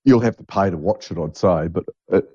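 A man with a low, mellow voice chats eagerly in a podcast, often stumbling and restarting. The recording is dry with a slightly lo-fi sound. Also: husky, dry recording. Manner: enthusiastic, halting, with many restarts. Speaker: podcast co-host. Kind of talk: casual chat.

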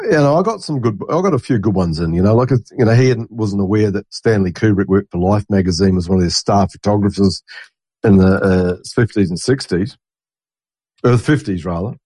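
Rambling man with a dark, dry voice. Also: on the low side, expressive, moderate pace, slightly rough, dry recording. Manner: rambling, self-interrupting, laughs at own stories. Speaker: podcast host. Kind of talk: casual rambling monologue.

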